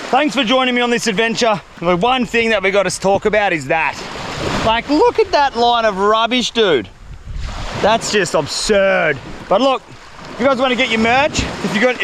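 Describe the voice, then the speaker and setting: A man vlogging outdoors on a remote island beach, excitable, laughing often and swearing at himself. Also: high voice, slight background noise. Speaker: survival and fishing vlogger. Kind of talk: casual talk to camera outdoors.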